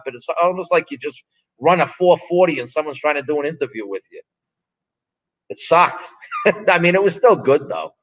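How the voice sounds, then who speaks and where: A man's voice: a little high, bright, forceful tone, poor audio. Blunt, profane man in his sixties. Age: 60s. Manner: blunt, profane, rambling anecdotes. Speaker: interview guest, former strongman and pro wrestler. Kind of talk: casual storytelling interview.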